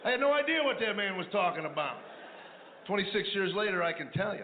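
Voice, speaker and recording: A man doing a stand-up comedy routine, telling stories about marriage in a dry, deadpan way, with mumbling asides in other voices. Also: high voice, quick pace, noisy background. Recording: echoey, tinny lo-fi radio replay of a live set.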